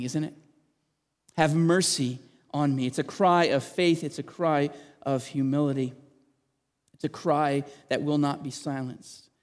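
A man preaching a sermon as a pastor, earnest and animated, lifting his voice when he reads out the quoted cries. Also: mid-range voice, in a large hall.

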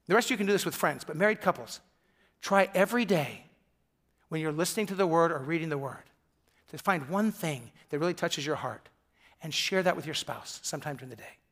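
A man's voice: a little high, animated, brisk, fairly bright tone. A middle-aged man from Michigan preaching a sermon as pastor, telling stories and acting out the voices of people he quotes.

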